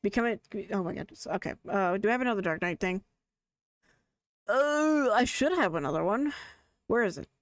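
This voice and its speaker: A woman's voice: mid-range voice, normal speed, pauses often, dry recording, studio quality. Chatty woman streaming a game. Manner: chatty, excitable, thinks aloud and restarts a lot. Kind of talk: casual live gaming commentary.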